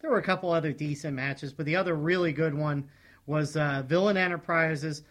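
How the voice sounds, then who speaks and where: On a casual wrestling podcast, a male co-host speaks briskly in a fairly high-pitched voice. He's laid-back yet firmly opinionated, frequently starting his sentences over.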